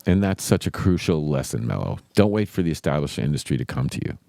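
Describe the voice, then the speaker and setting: A man's voice: a bass voice, very animated, quick pace, creaky, dark tone, no room sound, studio quality. A man co-hosting a casual music podcast, playful and punning, with an emphatic way of talking. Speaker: co-host.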